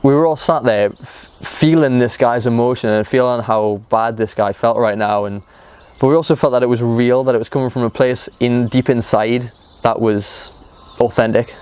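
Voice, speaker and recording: A young man casually retelling a story, talking in a loose, animated way with lots of "like" and "um". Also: mid-range voice, normal speed, clear, resonant tone. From United Kingdom. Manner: animated retelling, filler-heavy with frequent "like" and "um". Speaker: motivational show co-founder.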